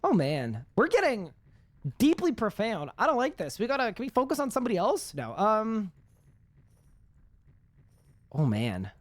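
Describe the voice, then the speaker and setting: Chatty Canadian streamer, lively voice. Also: male voice, high-pitched, normal speed, pauses often. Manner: chatty, laughs easily, answers chat questions. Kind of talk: casual live gaming stream chat.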